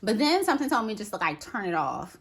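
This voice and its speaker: A woman talking casually to camera as a vlogger, chatty and animated, peppering her talk with "okay" and "right". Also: mid-range voice, fast, slightly rough. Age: adult with a daughter.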